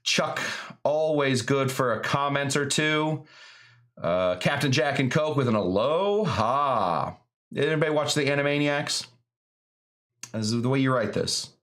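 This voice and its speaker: Male live-stream host, mid-pitched, rambling and jokey, lots of fillers. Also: animated, measured pace, fairly bright tone. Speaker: host of a live cocktail show.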